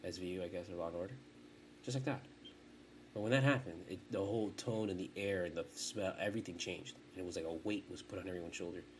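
A man's voice: deep voice, fast, slight background noise. A man in his forties hosting a podcast, chatting in a casual, rambling way, swearing often and cutting himself off mid-thought. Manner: profane, rambling, self-interrupting. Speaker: podcast host.

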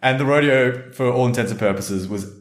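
An Australian man co-hosting a podcast, telling a travel story in a relaxed, rambling way. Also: mid-range voice, brisk. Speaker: podcast co-host. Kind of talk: casual chat, storytelling. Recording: roomy echo.

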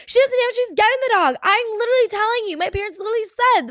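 A woman in her twenties telling a story in an animated, exasperated way. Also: very high voice, fast, no echo. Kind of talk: storytime vlog.

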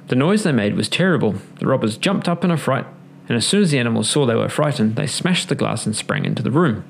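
Gravelly male storyteller, lively pitch, expressive fairy tale reading. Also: slight background noise. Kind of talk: fairy tale read-aloud.

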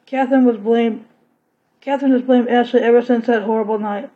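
A woman's voice: a little high, steady tone, fairly quick. A woman narrating a serialized romance story chapter, reading plainly with the odd restart. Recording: dull lo-fi recording.

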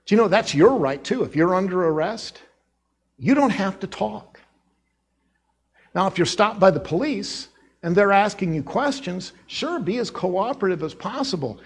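Man, middle-aged pastor, sermon, husky voice, high and lively pitch. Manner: animated preacher who acts out quoted dialogue. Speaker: former associate pastor.

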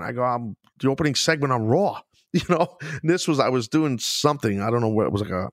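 A middle-aged man hosting a podcast, telling wrestling stories in a loose, profane, animated way, laughing often. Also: medium pitch, quick pace, no echo, clean studio sound. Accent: New York. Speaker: podcast host, former wrestler. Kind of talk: casual storytelling chat.

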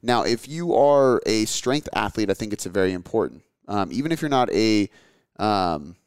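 Deep-voiced man in casual candid chat. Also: lively intonation, normal speed, clean tone, no echo, studio quality. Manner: rambling, candid, swears often, many fillers. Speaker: podcast host answering listener questions.

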